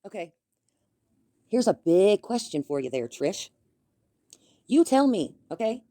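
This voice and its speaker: A woman's voice: mid-range voice, big pitch swings, measured pace, very noisy. A woman delivering a confrontational commentary rant, talking with a slight lisp from a bitten tongue. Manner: confrontational, scolding. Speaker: commentary YouTuber. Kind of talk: ranting commentary.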